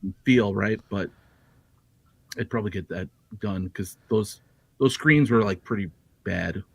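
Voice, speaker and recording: A man's voice: on the low side, a little slow, gravelly, breathy edge, no room sound. Rambling man with a dry close sound. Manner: rambling, lots of fillers and restarts. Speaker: guest collector. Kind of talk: casual livestream chat.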